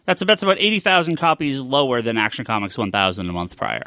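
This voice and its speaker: A man's voice: medium pitch, fast, no room sound, clean studio sound. A man hosting a casual comics podcast, leading the talk and reading out sales figures. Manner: animated, leads the talk and reads out sales numbers. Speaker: podcast host.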